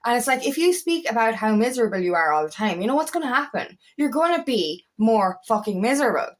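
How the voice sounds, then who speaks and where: This woman, an empowerment coach, talks fast in a fairly high, sing-song voice during a casual spiritual vlog. Frank and profane, she speaks to camera and keeps circling back to the same phrases.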